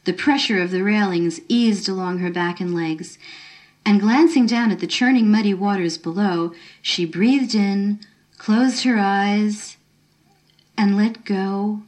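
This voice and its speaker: Woman reading a story aloud, measured. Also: medium pitch, darkish tone. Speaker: narrator.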